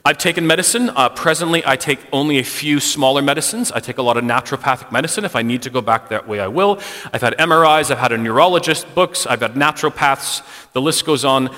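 Bright-voiced man preaching in a reverberant hall. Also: mid-range voice, lively intonation, fast. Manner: conversational, self-deprecating storytelling. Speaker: speaker addressing a congregation. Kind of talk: sermon with personal stories.

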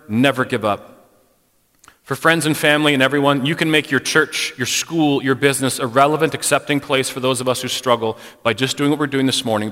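A man's voice: medium pitch, bright, forceful tone. A middle-aged man giving a candid, conversational church talk, speaking frankly and personally to the congregation. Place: church sanctuary. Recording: long hall reverb.

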